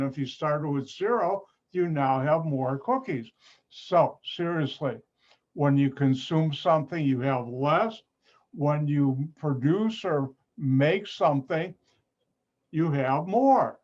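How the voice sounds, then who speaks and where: Slow-talking man lecturing over a muffled call. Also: on the high side, a little mellow. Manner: patient, repetitive explaining with playful asides. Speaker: chemistry professor. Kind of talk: online class lecture. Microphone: computer mic on a video call. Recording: muffled lo-fi video call audio.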